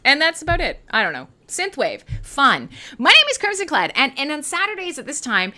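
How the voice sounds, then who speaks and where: A woman's voice: high voice, wildly swooping pitch, brisk, heavy background noise. A tired woman from Canada hosting a casual livestream, rambling, giggly, swearing freely and making fun of herself. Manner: rambling, giggly, profane, self-mocking. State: tired and high. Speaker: livestream host.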